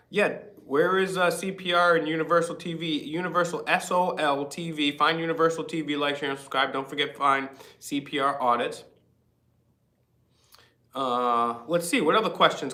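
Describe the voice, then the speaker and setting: A man's voice: fairly high pitch, pushed and bright, echoey room. A man hosting a casual livestream chat, rambling and reading viewer comments aloud. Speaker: livestream host.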